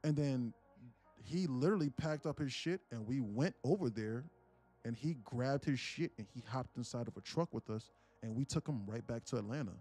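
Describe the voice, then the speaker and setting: A man's voice: medium pitch, soft background music. A young man hosting a livestream who tells a story casually, with lots of swearing and animation. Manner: profane, animated, fast. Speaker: day-trading livestream host.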